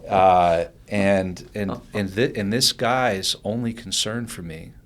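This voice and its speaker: A man telling a personal story as a podcast guest, animated and rambling, with many restarts and fillers. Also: lowish voice, slow.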